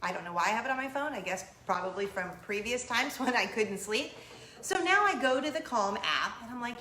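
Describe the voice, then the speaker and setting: A woman's voice: medium pitch, lively intonation, fairly quick, sharp tone, echoey room, slight background noise. A middle-aged woman hosting a casual video chat, telling stories animatedly, laughing often and exclaiming. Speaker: vlog host.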